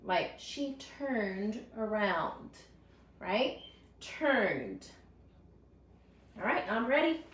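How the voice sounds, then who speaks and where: A woman teaching a recorded phonics lesson to first graders, stretching out each word slowly and praising the class. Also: mid-range voice, very animated. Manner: slow, drawn-out word modeling with encouraging praise. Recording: echoey room sound.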